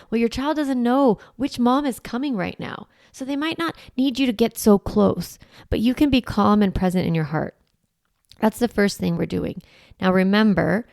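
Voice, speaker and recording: Woman, parenting coach, gravelly, dry close mic, gentle demonstrated phrases. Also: mid-range voice, no room sound. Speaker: parenting podcast host and coach. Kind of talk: instructional podcast monologue.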